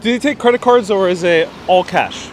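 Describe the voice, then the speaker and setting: Strolling a city with his phone in hand, a travel vlogger chats casually on a live stream, reading comments from viewers and thinking aloud. He has a high voice and a moderate pace, with street sounds and traffic in the background.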